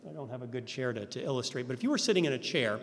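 Lively man teaching in a reverberant hall. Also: medium pitch, racing. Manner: asks the audience rhetorical questions. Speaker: Christian ministry instructor. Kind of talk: teaching a class.

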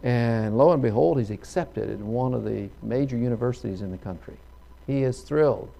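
A middle-aged man preaching a sermon, telling a folksy story, acting out its characters and breaking into loud hallelujahs. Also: mid-range voice, normal speed, gravelly.

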